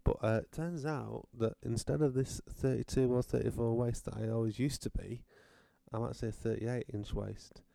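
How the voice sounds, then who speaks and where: A man's voice: medium pitch, steady tone, normal speed, creaky, mellow, dry recording. A British man delivering a rambling, sardonic comedic rant, swearing freely and going off on tangents.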